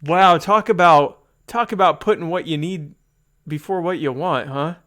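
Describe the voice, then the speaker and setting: A man's voice: a little high, moderate pace, a bit bright. A man co-hosting a podcast, chatting about politics animatedly, joking, with stammering restarts. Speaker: podcast co-host. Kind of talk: casual political chat.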